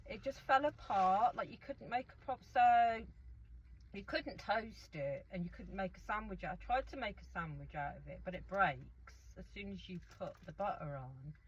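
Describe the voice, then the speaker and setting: A woman's voice: medium pitch, animated, moderate pace, slightly rough, highs cut off. A middle-aged woman chatting casually through an eating show, rambling and talking to herself as she goes. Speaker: food vlogger.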